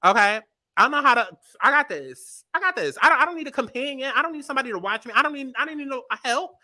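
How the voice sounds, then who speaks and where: Young woman host, comedic commentary, lively swooping delivery, profane and exasperated. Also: sits high, fast talker. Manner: animated, profane, exasperated riffing.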